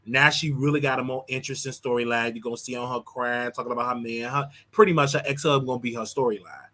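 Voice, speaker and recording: A man from Chicago hosting a show, giving animated, opinionated commentary on celebrity gossip and often repeating and restarting his words. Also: mid-range voice, fast talker. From Chicago, United States. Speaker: show host.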